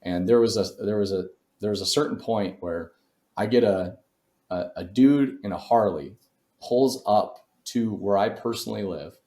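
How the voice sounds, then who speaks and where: Man, interview guest, emphatic storyteller, fairly low voice, roomy echo. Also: moderate pace, a little mellow. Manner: emphatic, motivational. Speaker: real estate investor guest.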